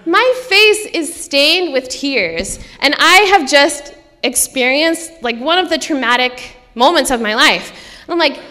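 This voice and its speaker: A young woman with an Upper Midwest accent recounts a personal story on a live stage. Her voice sits a little high and stays loose and conversational, full of fillers. The hall adds a long reverb. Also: animated, a little slow, bright, forceful tone. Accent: Upper Midwest American. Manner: conversational, many ums and likes.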